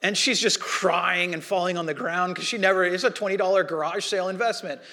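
A man preaching a sermon as pastor, telling a story with animated, acted-out quotes and dropping soft and low for prayerful lines. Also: a little fast.

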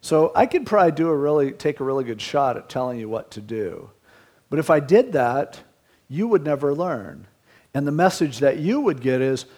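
A man's voice: a little high, very animated, moderate pace, darkish tone. An older man, a pastor, giving a sermon in a conversational, storytelling way with self-deprecating asides.

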